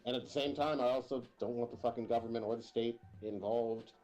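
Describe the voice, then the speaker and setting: A man co-hosting a casual livestream podcast, speaking in a measured, wry way with chuckles. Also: mid-range voice, fairly even intonation, a little mellow, faint music behind, poor audio. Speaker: podcast co-host.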